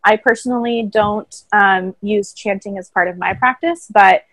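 A woman speaking as a guest in a casual interview, explaining things in a calm, thoughtful way. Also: mid-range voice, moderate pace, dry recording, faint music behind, poor audio. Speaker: voice coach guest. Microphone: own microphone, remote call.

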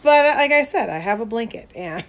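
A woman's voice: a little high, expressive, a little fast. A young woman co-hosting a podcast in casual chat, rambling with many fillers and restarts and laughing often. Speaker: podcast co-host.

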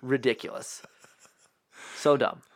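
A man's voice: mid-range voice, steady tone, no echo, studio quality. Easygoing man recapping a movie. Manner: laid-back, filler-heavy retelling with quick impressions. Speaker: podcast co-host. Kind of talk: casual movie recap chat.

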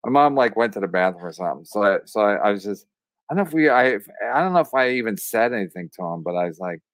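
A man telling a rambling story on a podcast, full of restarts, fillers and pauses. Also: fairly low pitch, animated, dry recording. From Irish.

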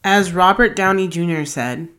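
Podcast host: young woman with a low voice who reads numbered self-help tips and slips into chatty asides. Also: normal speed, a bit bright. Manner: reads numbered tips, then drifts into loose casual asides. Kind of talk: reading a self-help blog post aloud.

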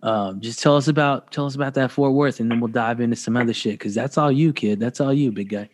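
A man's voice: medium pitch, quick pace. A man hosting a casual podcast, talking loosely with lots of swearing and joking sound effects. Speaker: podcast host.

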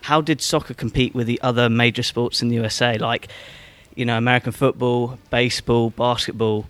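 A man's voice: mid-range voice, little pitch movement, fairly quick, fairly bright tone, no room sound. A man hosting a podcast, asking long, conversational questions. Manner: conversational, hedged questions with filler phrases. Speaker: podcast host. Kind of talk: interview questions.

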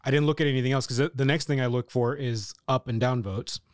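A man co-hosting a casual podcast, rambling and swearing in halting sentences. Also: mid-range voice, fairly even intonation, dry recording, studio quality. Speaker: podcast co-host. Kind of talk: casual chat.

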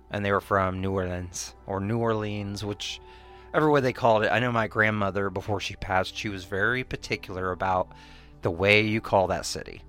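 A podcast co-host chatting casually, rambling with many fillers and restarts and acting out quoted people. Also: fairly bright tone. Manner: acts out quoted people in higher voices. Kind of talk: casual chat.

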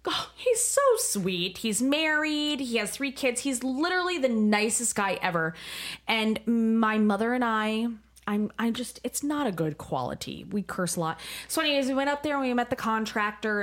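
A woman co-hosting a casual podcast, telling stories in a chatty way and swearing freely. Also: on the high side. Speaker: podcast co-host. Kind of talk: casual chat.

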